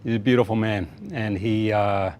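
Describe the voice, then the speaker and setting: A middle-aged man with a low-pitched voice, sitting in as a guest on a TV talk show. He tells his stories in an animated, anecdotal way, full of quick asides. Faint background noise sits under his voice. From Australia. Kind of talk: casual TV interview chat.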